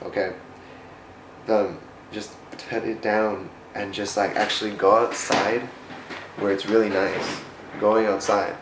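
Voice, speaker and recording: A man's voice: lowish voice, background noise. A man from the United States giving a casual, faith-based vlog talk in an earnest, rambling way, often restarting and correcting himself. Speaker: vlogger. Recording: roomy echo.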